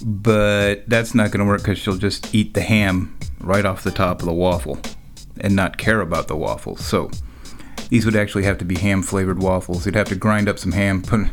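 A man telling a rambling, jokey story in a casual monologue, often laughing as he talks. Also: lowish voice.

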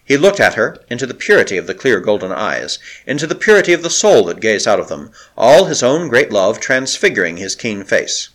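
A man narrating a novel aloud in a dramatic, expressive storytelling manner. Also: medium pitch, a little fast, few pauses. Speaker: audiobook narrator.

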